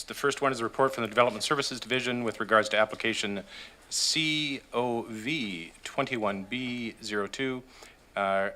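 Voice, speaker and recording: A Canadian man reads agenda items aloud in a council chamber. His voice is low and bright, and his steady, formal delivery carries the odd "uh". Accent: Canadian English. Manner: steady formal reading with occasional fillers. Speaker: staff member presenting agenda items. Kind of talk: reading motions at a public committee meeting.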